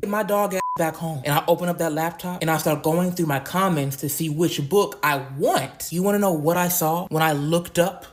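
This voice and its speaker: A man's voice: a little high, moderate pace, hardly any pauses, noisy background. A man telling a casual storytime rant, exasperated and exclaiming. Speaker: short-video creator.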